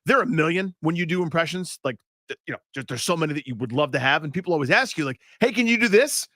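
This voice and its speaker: High, expressive male radio co-host. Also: dry recording. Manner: emphatic, quick opinions, does impressions. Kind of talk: casual sports talk.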